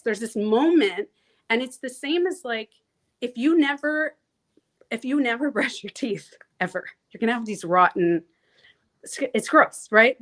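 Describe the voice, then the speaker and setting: A woman coach talking casually in an interview, animated and frank, who swears freely and acts out the voices she quotes. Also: fairly high pitch. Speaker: transformation coach, guest.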